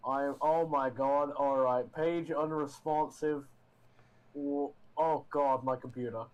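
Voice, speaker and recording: A man's voice: mid-range voice, fairly even intonation, takes it slowly, clean tone, muffled recording. A man chatting casually as a tabletop game player, exasperated and joking. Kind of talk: casual chat.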